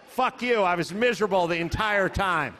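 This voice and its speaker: A man's voice: high-pitched, moderate pace, bright, forceful tone, slight background noise. A middle-aged man hosting a live comedy podcast, telling stories in a profane, exasperated rant and mocking people in put-on voices. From United States. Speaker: podcast host. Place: comedy club stage before a live audience.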